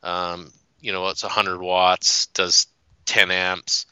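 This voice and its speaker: A man co-hosting a casual podcast, talking in a halting way with many pauses and restarts. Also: deep voice, flat delivery, pushed and bright, smooth, dry recording, muffled recording. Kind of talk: casual chat.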